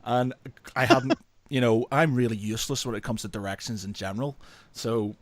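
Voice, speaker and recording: A man's voice: mid-range voice, steady tone, moderate pace, dry recording. A man from the UK hosting a podcast. He talks casually, laughs often and hesitates with "uh" and "um". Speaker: podcast host. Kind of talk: casual chat. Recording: dry close-mic podcast.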